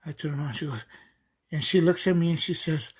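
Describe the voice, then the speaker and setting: A man hosts a podcast in a loose, rambling monologue, his voice sitting a little high. He wanders through his stories with lots of ums and restarts and often chuckles as he goes. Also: brisk, breathy edge. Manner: rambling, with many fillers and restarts. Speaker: podcast host.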